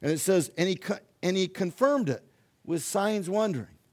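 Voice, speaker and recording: A man's voice: high voice, expressive, normal speed. A male pastor preaching a sermon to listeners tuning in from home, stressing key words with rising force. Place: church or home, streamed to remote listeners.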